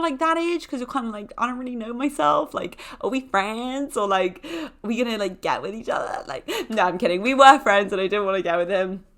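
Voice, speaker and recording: Young woman rambling thru a story, lots of "like", jokey asides, mid-pitched. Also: fairly bright tone. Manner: chatty, filler-heavy with jokey self-mocking asides. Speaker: podcast host. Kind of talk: casual anecdote storytelling.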